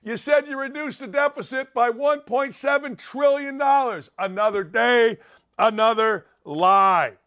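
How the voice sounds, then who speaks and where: A man hosting a sports talk show, delivering a sarcastic, heated commentary rant with bursts of shouting. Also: very high voice, unhurried.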